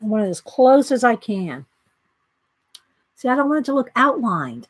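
Lady livestreaming her art, thinking out loud, kinda husky and higher pitched. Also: very animated, moderate pace, pauses often, dry recording, poor audio. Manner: chatty, thinking aloud, talks to viewers. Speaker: artist livestreaming her work. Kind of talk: casual livestream chat while drawing. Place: home art room.

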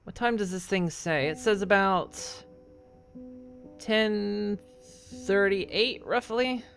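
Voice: medium pitch, slow, vocal fry, fairly bright tone. A gamer giving curious, muttering let's play commentary, with casual swearing while exploring. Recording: voice over game music.

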